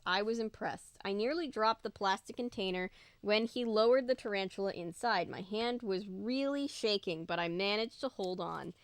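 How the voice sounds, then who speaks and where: A woman at a mid pitch reading a spooky kids' novel aloud in a relaxed way, now and then slipping into casual chat with viewers. The recording is dry and close, with no room sound. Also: clean tone, no room sound. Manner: casual, chatty remarks to viewers between passages. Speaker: book reader and video host. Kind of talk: reading a children's book aloud, with chatty asides.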